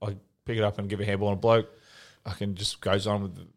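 This podcast co-host, a young former footballer from Australia, chats casually, swears freely and tells stories with plenty of animation. His voice is fairly low and his pace quick.

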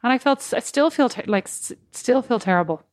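A woman in her thirties co-hosting a casual chat, telling animated stories and laughing easily. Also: a little high, brisk, dry recording, studio quality.

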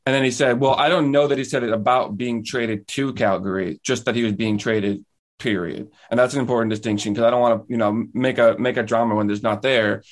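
A man co-hosting a casual sports talk show, recounting a story in a relaxed, conversational way. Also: mid-range voice, fairly quick. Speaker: podcast co-host.

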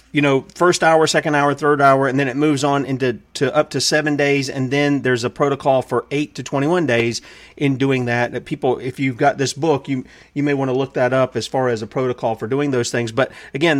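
A man hosting a casual interview, asking questions in a conversational, loosely phrased way. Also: medium pitch. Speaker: host.

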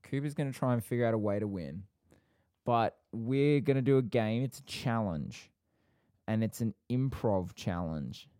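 A man co-hosting a casual podcast, talking fast and rambling with frequent fillers and asides. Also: medium pitch, lively intonation, dark tone, no echo, clean studio sound. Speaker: podcast co-host.

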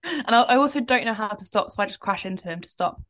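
A woman's voice: mid-range voice, animated, fast talker, a bit bright. A woman, co-hosting a podcast in a rambling, chatty way and laughing often. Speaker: podcast co-host. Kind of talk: casual chat.

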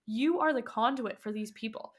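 A woman's voice: on the high side, moderate pace. A young woman who works as a medium, chatting casually on a podcast and acting out the dialogue she quotes. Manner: chatty, lots of fillers, acts out quoted dialogue. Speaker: medium and past life regression guide.

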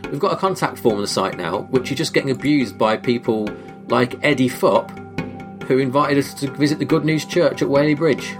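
A man's voice: medium pitch, a little fast. Guy hosting a podcast, chatty and jokey, music playing under him. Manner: chatty, joking, with fillers. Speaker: podcast host. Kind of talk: casual chat.

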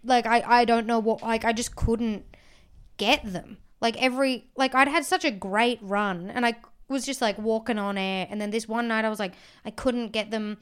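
A woman comedian co-hosting a casual chat, telling stories in an animated, rambling way, full of "like". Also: fairly high pitch, moderate pace, smooth. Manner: animated, rambling storyteller with many "like"s. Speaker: comedian and podcast co-host.

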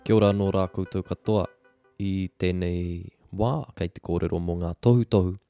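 A man's voice: low voice, fairly even intonation, a little fast, mellow, faint music behind. A man giving a casual spoken language lesson, patient and explanatory, with frequent fillers and repeated words. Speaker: language teacher.

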